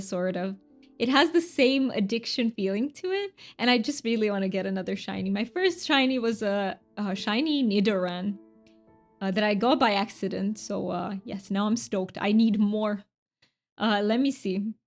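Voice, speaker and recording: Chatty streamer woman, fairly high voice. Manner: chatty, rambling, self-correcting. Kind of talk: casual live-stream chat with viewers.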